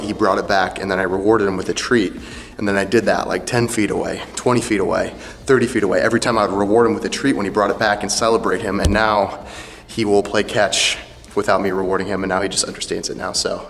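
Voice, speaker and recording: A man's voice: lowish voice, slight background noise. A young man talking casually to camera in a rambling, chatty way, full of "like" and "um". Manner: rambling, chatty, says "like" and "um" a lot. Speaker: fitness vlogger. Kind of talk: casual vlog talk to camera. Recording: echoey room with faint background music.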